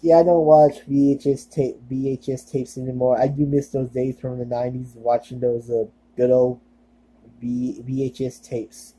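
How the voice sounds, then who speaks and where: A young man talks to his channel in a loose, rambling way. He leans on fillers and self-deprecating asides. His voice is very dark and mellow, with a husky edge. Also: mid-range voice, little pitch movement, normal speed, low-quality recording. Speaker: vlogger. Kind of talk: casual rambling video monologue.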